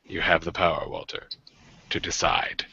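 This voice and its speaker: A man's voice: low-pitched, big pitch swings, moderate pace, gravelly, pushed and bright, breathy edge, dry recording, highs cut off. A man from the United States hosting a livestream, joking and rambling in casual group chat. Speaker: livestream host.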